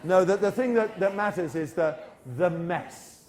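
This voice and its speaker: Animated British man coaxing a crowd. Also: high voice. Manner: animated, self-correcting, coaxing the audience with quick asides. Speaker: English-teaching expert leading a workshop. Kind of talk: lively workshop talk drilling a large audience. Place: university lecture hall with an audience.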